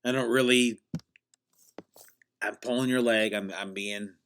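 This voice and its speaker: A man hosting a solo podcast, talking sarcastically in a meandering, deadpan way with many restarts. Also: medium pitch, a little slow, clean tone. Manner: mock-grandiose hype at the opening. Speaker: podcast host. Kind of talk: rambling solo podcast monologue.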